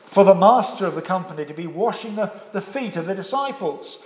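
A man delivers a sermon in a measured, emphatic way, often turning points into rhetorical questions. His voice sits a little high for a man. The sound is roomy, with a long reverb from a large hall. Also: animated, a little mellow. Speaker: preacher. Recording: echoey hall.

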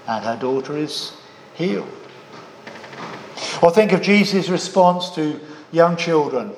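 Male preacher, slightly high voice, measured sermon delivery, long hall reverb. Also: a little hiss or hum. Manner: measured, with rhetorical questions to listeners.

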